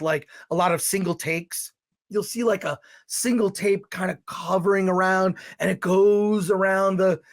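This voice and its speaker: A man hosting a live stream, giving a rambling, exasperated spoken movie review. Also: sits high. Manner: rambling, exasperated, with restarts and loud outbursts.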